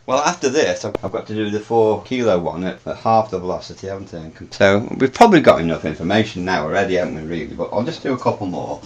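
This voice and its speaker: Low-voiced British man talking to himself. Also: highs cut off, slight background noise. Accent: British English. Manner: chatty, thinks aloud, swears freely. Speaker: home experimenter. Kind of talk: talking through a home experiment.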